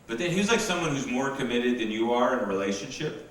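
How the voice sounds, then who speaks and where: A man performing a stand-up comedy set in a live venue, telling stories with deadpan punchlines. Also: mid-range voice, fast. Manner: conversational storytelling with deadpan punchlines. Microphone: camcorder recording from the back of the room. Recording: echoey room taped from far off on an old camcorder, with hiss.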